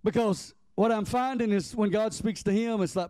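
A high-pitched man delivers a folksy sermon in a mellow tone. He stretches out his key lines slowly and rattles off the side stories quickly. The recording is dry and close. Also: no echo. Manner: folksy preaching with Southern phrasing, swings from slow emphatic lines to quick asides. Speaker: pastor.

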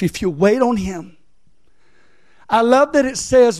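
A man's voice: extremely high pitch, lively intonation, slow pace, long pauses, darkish tone, no room sound, studio quality. A man preaching a sermon, repeating phrases and rising into emphatic, near-sung lines.

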